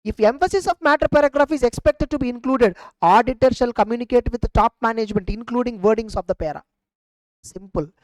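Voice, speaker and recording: A woman's voice: on the high side, fast talker, no room sound, poor audio. Emphatic Indian English woman teaching. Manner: emphatic, repeats points, asks the class rhetorical questions. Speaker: exam coaching teacher. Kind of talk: online revision lecture.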